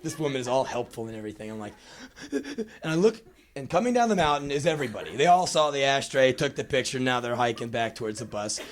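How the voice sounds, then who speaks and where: A man in his twenties from the United States telling a profane story live on stage, jumping into shouted impressions. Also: mid-range voice, big pitch swings, fast. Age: 20s. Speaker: spoken word performer. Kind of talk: live spoken word storytelling. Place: small live music venue.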